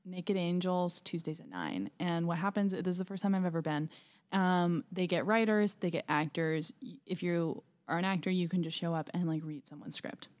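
A young woman co-hosting a podcast tells a story in casual, chatty conversation, full of fillers and restarts. Her voice is lowish and a little mellow, at a moderate pace.

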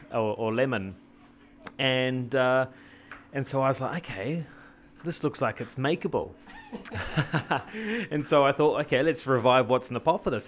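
A man hosts a casual travel cooking vlog, rambling and joking with plenty of fillers and restarts. His mid-range voice is a bit bright, and there's slight background noise.

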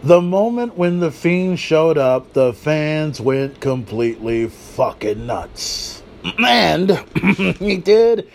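A man with a somewhat high voice hosts a podcast on his own. He talks in a loose, excitable way, swears freely and keeps breaking off into little asides. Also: creaky. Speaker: podcast host. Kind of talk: solo wrestling podcast talk.

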